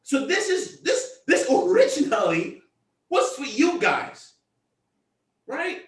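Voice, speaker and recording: Here a man with a very high voice and wildly swooping pitch takes his time as he leads a convention call, giving the team a pep talk. Emphatic and repetitive, he keeps raising his voice. The sound is reverberant, picked up by a distant mic.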